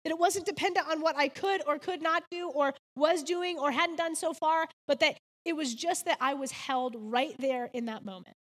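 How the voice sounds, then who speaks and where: A woman in her thirties speaks in a high, bright voice, giving a heartfelt faith devotional. She tells her story earnestly and drops in casual "like"s. A long reverb hangs behind her words. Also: moderate pace, few pauses.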